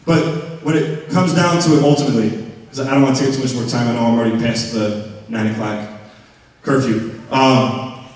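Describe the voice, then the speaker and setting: A man with an American accent, a motivational speaker telling a lively story to students in a school auditorium and acting out the scenes as he talks. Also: mid-range voice, moderate pace. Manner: animated and playful, acting out scenes. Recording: echoey hall from far off.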